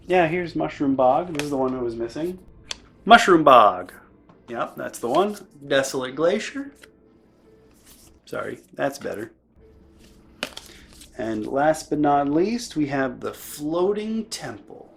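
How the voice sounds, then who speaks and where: A man's voice: on the high side, lively intonation, a little slow, creaky. Chatty man unboxing board games. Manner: chatty and self-deprecating, trails off and corrects himself. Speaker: board game unboxing vlogger. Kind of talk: casual unboxing chat.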